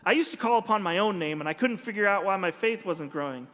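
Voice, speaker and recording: Fast-talking and animated, a pastor with a high, fairly bright voice preaches in a church sanctuary. His sermon is full of lively stories with acted-out dialogue, and the recording carries long reverb and faint music.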